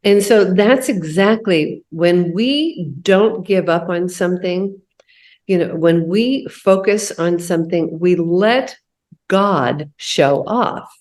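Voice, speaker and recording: A woman's voice: fairly low pitch, takes it slowly, darkish tone. A middle-aged woman hosting a women's coffee chat, telling a faith-based story in a conversational way, with many "you know"s.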